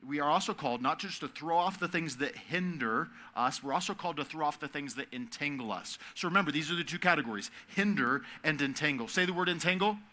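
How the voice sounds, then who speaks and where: A man preaching to young people in a very bright, sharp voice that sits a little high. He talks casually and asks the crowd to repeat words back to him. He moves between loud, emphatic stretches and hushed, quiet ones. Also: fast talker, hardly any pauses. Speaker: youth camp speaker. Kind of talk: sermon.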